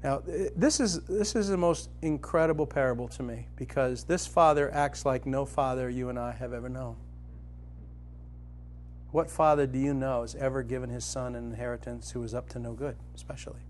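A middle-aged man preaching a sermon, telling a personal story and retelling a parable, rising to loud excitement in the vivid parts and dropping soft in the tender ones. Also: normal speed, slight background noise. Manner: storytelling, grows animated and loud when dramatizing, soft and low when tender.

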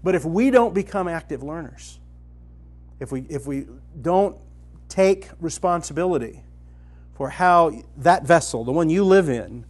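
A man's voice: a little high, lively intonation, a little slow. A man giving a conversational teaching talk at a retreat, telling a story with energy and addressing the room directly. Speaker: retreat speaker. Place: meeting room with a live audience.

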